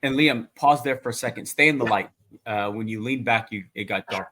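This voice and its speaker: A man's voice: mid-range voice, brisk, bright, forceful tone. Male co-host, chatty and enthusiastic, prone to digressions, casual talk over a video call. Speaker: co-host asking questions. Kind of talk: casual chat.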